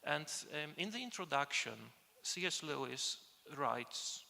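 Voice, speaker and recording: Lecturing at an academic conference, this Polish-native man has a fairly high, gravelly voice with a bright edge and an animated manner. His delivery is halting, full of filled pauses and restarted phrases, and the hall adds a long, ringing reverb.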